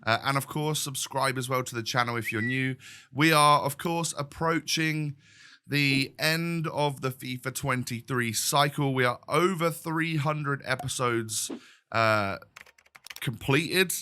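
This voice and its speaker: A man's voice: mid-range voice, pushed and bright. A young man hosting his gaming channel, chatting casually with lots of fillers while blocked up with a summer cold. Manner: chatty, rambling, many fillers. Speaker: gaming YouTuber. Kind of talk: casual video intro chat.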